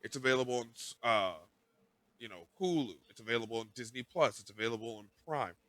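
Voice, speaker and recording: A man's voice: medium pitch, expressive, fairly quick, a bit bright, no room sound. A man hosting a podcast, telling a rambling, self-mocking story in casual chat, swearing freely. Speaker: podcast host.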